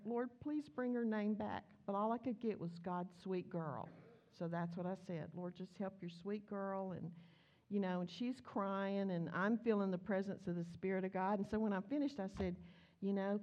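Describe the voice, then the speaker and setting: A woman's voice: medium pitch, fairly quick, highs cut off. A woman preaching a chatty, storytelling sermon in church, acting out the dialogue as she goes. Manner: animated, chatty, acts out dialogue.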